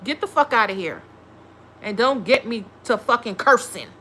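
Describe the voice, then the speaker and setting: Brief: woman tarot streamer, bright tone, high voice, blunt and cursing, faint room hiss. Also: lively intonation, normal speed. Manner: blunt, profane, scolding. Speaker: tarot reader. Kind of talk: live tarot reading stream.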